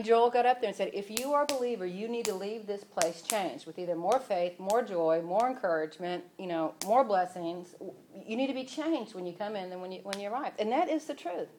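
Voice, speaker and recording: A woman's voice: medium pitch, darkish tone, slight background noise. A woman giving an informal sermon in a conversational way, with many fillers, building to emphatic passages. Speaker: church speaker.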